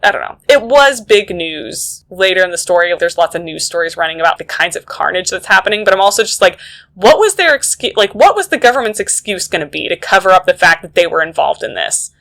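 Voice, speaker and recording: Woman podcast co-host recapping a film, bright and lively, talks with lots of "like". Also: fairly low pitch, fairly quick, vocal fry. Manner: chatty, animated retelling with lots of "like". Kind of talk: casual movie recap chat.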